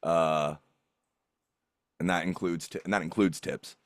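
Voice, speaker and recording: A man running a tabletop game, recapping the last session in a casual, animated way and laughing often. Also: low-pitched, measured pace, no echo, clean studio sound. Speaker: game master.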